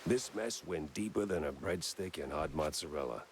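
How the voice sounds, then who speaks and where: Brief: brooding noir mouse private eye in a game, extremely deep and gravelly-dry. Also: male voice, animated, normal speed, slight background noise. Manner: dry, brooding hardboiled delivery. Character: hardboiled noir detective mouse, gruff adult male. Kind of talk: noir voice-over narration.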